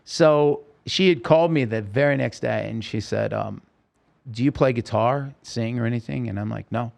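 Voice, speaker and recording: A middle-aged man telling a story as a podcast guest, lively and acting out the voices of the people he quotes. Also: mid-range voice, normal speed, creaky. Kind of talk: casual storytelling interview.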